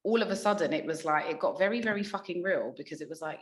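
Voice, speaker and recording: A woman's voice: lowish voice, animated, fast talker, hardly any pauses. A woman, a radio DJ, chatting casually as a podcast guest, swearing freely and acting out what she and others said. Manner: swears freely, acts out her own past quotes in storytelling. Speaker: radio DJ and breakfast show host, podcast guest. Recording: echoey room.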